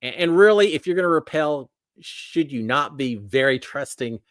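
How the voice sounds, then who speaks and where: A man's voice: fairly high pitch, animated, moderate pace, fairly bright tone. A middle-aged man hosting a livestream, chatting casually and reading out viewer comments, with lots of restarts and self-deprecating asides. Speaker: livestream host.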